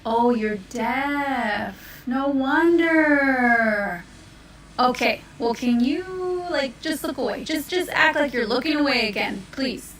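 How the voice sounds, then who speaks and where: A woman's voice: high voice, animated, extremely slow, pushed and bright, a little hiss or hum, pitched above the performer's own voice, exaggerated voice. A woman doing a whiny hungry wolf man. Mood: pleading. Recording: roomy, distant mic.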